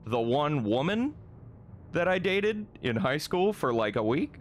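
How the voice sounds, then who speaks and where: A man's voice: medium pitch, animated, measured pace, slight background noise. A young man chatting casually on a live stream, reading chat, rambling, laughing often and swearing freely.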